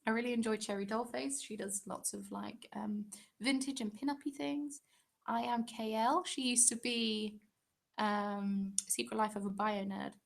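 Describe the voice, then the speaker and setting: A young woman chats loosely through viewer questions, often pausing on "um" and drifting into asides. Her voice sits a touch high. It often frays into a creaky, gravelly fry. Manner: chatty, many ums and trailing asides. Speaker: craft channel host. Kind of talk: casual live-stream chat answering questions.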